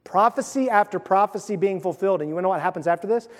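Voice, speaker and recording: A man pastor preaching a sermon, telling the story with animated asides and acted-out voices. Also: sits high, very fast, big-room sound.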